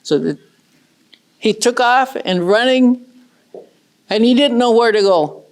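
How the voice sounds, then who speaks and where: A middle-aged woman from northern Michigan telling a traditional story in a folksy, unhurried way, with casual asides to her listeners. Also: on the high side, lively intonation.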